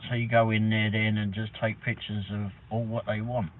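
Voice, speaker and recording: A man's voice: on the low side, level tone, normal speed. A man hosting a livestream, chatting in a rambling, casual way with some mild swearing. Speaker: livestream host. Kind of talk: casual chat. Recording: tinny phone-like sound from a distance, faint noise.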